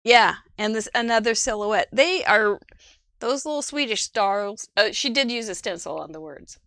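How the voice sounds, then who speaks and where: A woman with a Midwestern American accent hosts a live crafting show, chatting casually on the stream, giggling and thinking aloud. Her fairly high, animated voice has a fairly bright tone and a moderate pace.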